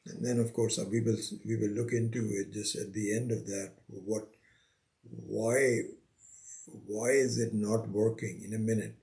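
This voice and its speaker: A man teaching a spiritual scripture class, unhurried, repeating his phrases and acting out the seekers he quotes. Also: lowish voice, steady tone, darkish tone. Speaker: Vedanta teacher.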